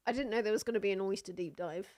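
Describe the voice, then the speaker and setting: Reacting to videos on a stream, a young woman keeps up casual chatter at a rapid-fire pace. Her pitch is medium, and she laughs often and loudly exclaims in disgust.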